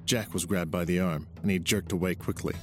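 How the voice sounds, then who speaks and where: A man reading an audiobook chapter aloud as narrator, in a steady storytelling way. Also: low-pitched, brisk. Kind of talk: scripted narration. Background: music.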